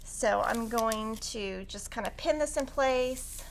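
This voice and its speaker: A woman's voice: fairly high pitch, takes it slowly, gravelly, slight background noise. A woman teaching a quilting tutorial on a live stream, chatty and upbeat as she talks through cutting fabric. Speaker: quilting instructor.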